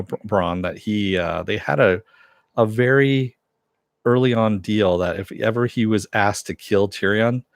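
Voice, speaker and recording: A man with a low voice rambles casually through an episode recap, retelling the characters' lines in his own words. He leans on fillers and restarts. The sound is close and dry, with no room in it. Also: no echo. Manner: rambling, many fillers and retold quotes. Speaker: TV show reviewer.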